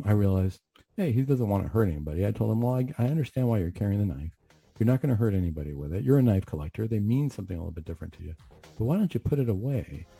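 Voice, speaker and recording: Dark-voiced, husky male radio host. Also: lowish voice, no echo. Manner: earnest, retelling a tense encounter with many restarts. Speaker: radio show host and clinician. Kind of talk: storytelling on a talk radio show.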